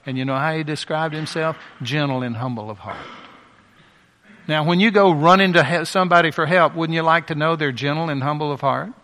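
A man's voice: a little high, fairly even intonation, a little fast, sharp tone. A man preaching a sermon with impassioned, emphatic repetition, heard in a large hall.

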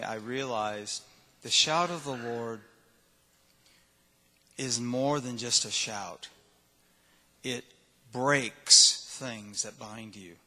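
A man giving an earnest, halting testimony in front of a church congregation. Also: medium pitch, sharp tone, big-room sound.

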